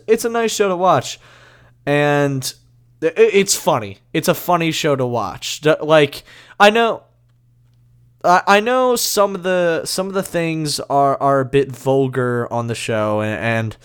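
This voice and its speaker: A young man in casual chat, hesitant and halting with many restarts. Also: mid-range voice, smooth. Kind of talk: casual chat over a call.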